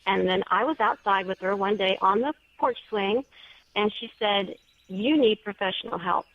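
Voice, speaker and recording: A woman guest author telling a story in a casual, animated way during an interview, often acting out what others said. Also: mid-range voice, moderate pace, no room sound. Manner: chatty, animated storyteller with quoted voices. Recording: dull, lo-fi audio.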